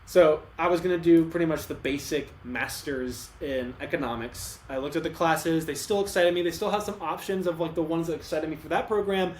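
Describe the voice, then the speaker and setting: A young man co-hosting a podcast tells his story in casual talk, rambling, restarting often, and getting emotional as he retells it. His voice is on the high side with a darkish tone, and he speaks briskly with few pauses. The room is echoey, with faint ambient noise.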